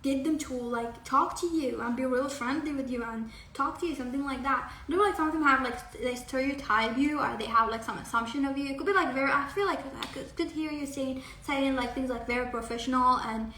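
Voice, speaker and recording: A woman with a high voice gives a casual tarot reading, rambling on with many fillers and the odd swear word. She sits back from the mic in an echoey room. A faint ambient hum runs underneath. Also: a little fast, few pauses, bright, forceful tone, far from the mic. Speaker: tarot card reader. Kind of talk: casual pick-a-card reading.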